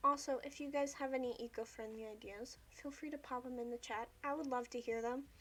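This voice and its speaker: A young woman talks to her stream while drawing in her journal. She is chatty, with plenty of "like" in her sentences. Her voice sits a little higher than most. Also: fairly even intonation, brisk, slight background noise. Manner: chatty, filler-heavy with frequent "like". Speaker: livestreamer. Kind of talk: casual chat while journaling.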